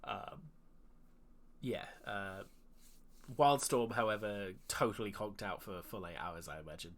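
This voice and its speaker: A man's voice: fairly low pitch, measured pace. Man narrating as dungeon master. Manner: relaxed, hesitant with fillers and restarts. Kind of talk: narrating a tabletop game.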